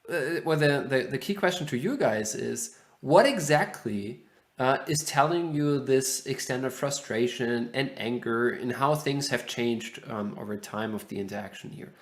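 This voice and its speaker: A man giving a university lecture, hesitant and full of fillers, posing questions to the class. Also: mid-range voice. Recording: roomy echo.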